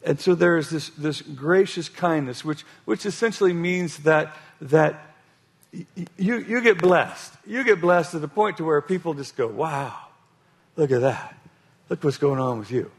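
A man preaching a sermon, with a husky voice, often restarting phrases and telling an animated story. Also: a little high, unhurried.

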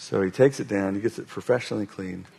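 A man preaching a sermon, with a husky voice, often restarting phrases and telling an animated story. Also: lowish voice, quick pace.

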